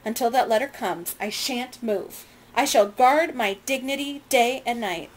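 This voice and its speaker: A woman reading aloud, voicing a proud wealthy loyalist lady who speaks crisply and with indignation. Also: mid-range voice, animated, fairly quick, lightly acted. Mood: imperious.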